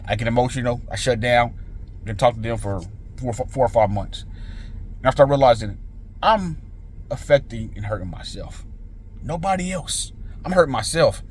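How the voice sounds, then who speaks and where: A man's voice: medium pitch, normal speed, pauses often, slight background noise. Earnest man giving casual motivational talk. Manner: earnest, repetitive, informal slang. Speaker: motivational channel host.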